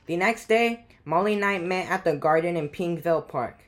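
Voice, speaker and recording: A woman reading a children's picture book aloud, with clear storybook narration. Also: on the low side, moderate pace. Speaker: guest reader.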